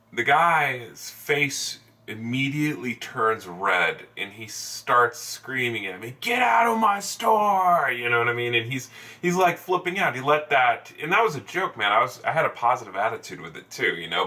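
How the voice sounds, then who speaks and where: Man, casual storytelling, rambling, many fillers, bright voice, heard from a distance. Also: medium pitch, moderate pace. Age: adult, over ten years in sales. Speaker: salesman vlogger.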